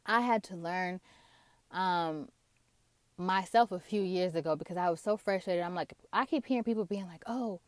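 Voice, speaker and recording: A woman's voice: lowish voice, normal speed, no echo, studio quality. A woman talking earnestly about prayer and hearing God, rambling with restarts and fillers. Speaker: Christian vlogger. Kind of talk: casual faith talk to camera.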